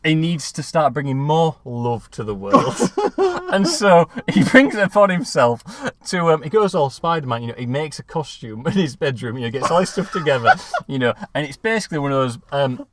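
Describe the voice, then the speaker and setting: Animated man laughing through a pitch. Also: brisk, a crowd in the background. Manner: animated, laughs often while talking. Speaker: podcast co-host pitching a film idea. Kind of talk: comic storytelling.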